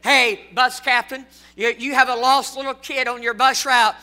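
A man's voice: extremely high pitch, little pitch movement, normal speed, pushed and bright, clear, resonant tone. A man preaching a fervent sermon, repeating lines and adding folksy asides.

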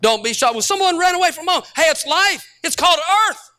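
High, bright-voiced storytelling preacher man. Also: animated, a little fast. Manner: storytelling preacher, rising to shouted peaks. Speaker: pastor. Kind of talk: sermon.

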